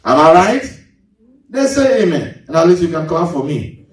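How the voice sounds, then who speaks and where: A man preaching a sermon as pastor, swinging his pitch sharply and mimicking congregants. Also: very animated, moderate pace. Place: large church hall. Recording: echoey hall, mic at a distance.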